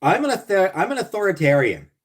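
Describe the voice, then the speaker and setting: A man hosting a casual livestream, reading viewer comments and answering bluntly and profanely, with sarcastic jokes, sometimes muttering low and sometimes ranting loudly. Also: wildly swooping pitch, quick pace. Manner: blunt and profane, swinging between mutters and loud rants. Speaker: livestream host.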